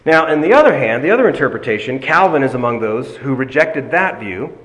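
Male preacher, expository sermon, deliberate, emphatic, medium pitch, long hall reverb. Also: very animated, fairly bright tone. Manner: deliberate, emphatic, stretches key phrases slowly.

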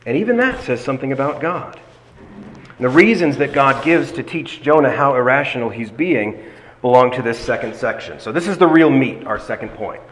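A man preaching an expository sermon, deliberate and emphatic, slowing down to stress key phrases. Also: mid-range voice, expressive, fairly bright tone, slight background noise. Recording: long hall reverb.

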